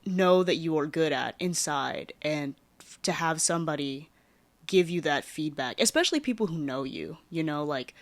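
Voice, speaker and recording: A woman hosting her own podcast, telling a personal story in a rambling, casual way with lots of fillers and lively swings in her voice. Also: sits low, normal speed, no echo. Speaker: podcast host.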